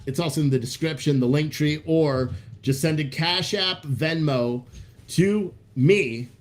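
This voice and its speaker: A man hosting a live stream, chatting casually with viewers in a loose, profane, hyped-up way. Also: fairly high pitch. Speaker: livestream host selling coffee.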